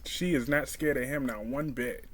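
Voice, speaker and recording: A man's voice: medium pitch, normal speed. A man reviewing a soap opera episode on his vlog, ranting in a heated, profane way and talking straight at a character. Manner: animated, talks straight at the character. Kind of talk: casual vlog commentary.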